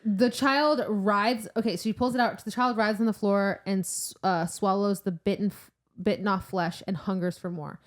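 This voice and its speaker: A woman's voice: medium pitch, fairly even intonation, normal speed. Chatty young woman retelling a story. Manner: retells the plot in a chatty, laughing way with lots of "like". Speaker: podcast co-host. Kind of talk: casual book-club podcast chat.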